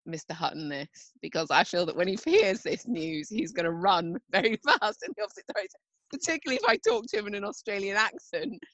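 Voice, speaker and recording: A woman co-hosts a chatty podcast and tells her stories with bubbly energy, laughing easily. Her pitch swings freely up and down. The sound is dry and close, with no room around it. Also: a little fast, no room sound, dull audio. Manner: bubbly, laughs often, animated storytelling. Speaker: podcast co-host. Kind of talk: casual chat.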